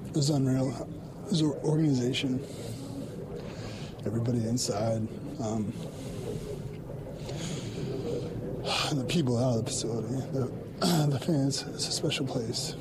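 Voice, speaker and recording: A young man speaks in a halting, emotional way, full of pauses and fillers. His voice sits at a middle pitch. Loud room noise surrounds him in this locker room recording. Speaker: football player. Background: loud ambient noise.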